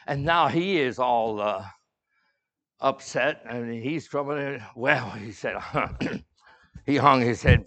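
A middle-aged man preaches a sermon in a mid-range voice. He tells stories with sudden swings between quiet, soft lines and loud bursts. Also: medium pitch, expressive, moderate pace. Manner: storytelling with big swings from hushed to loud. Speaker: pastor.

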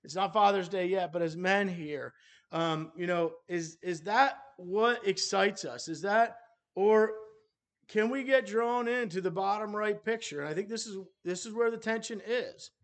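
A male preacher gives a sermon slowly and deliberately, often stopping mid-phrase to begin again. His voice is slightly higher than the typical man's, and he addresses the men of his congregation plainly, with a measured, halting delivery full of pauses and restarts.

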